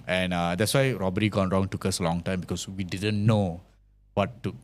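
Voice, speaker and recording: Man, Malaysian English accent, deeper voice, relaxed interview guest, laughs easily. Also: normal speed. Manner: laid-back, laughs often, lots of fillers. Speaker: filmmaker guest. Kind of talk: casual interview chat.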